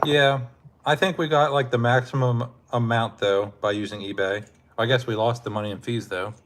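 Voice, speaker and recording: A man's voice: mid-range voice, steady tone, normal speed, a bit bright, slight background noise. A man hosting a casual live stream, laid-back and laughing often as he talks with his chat, his throat sore from hours of talking.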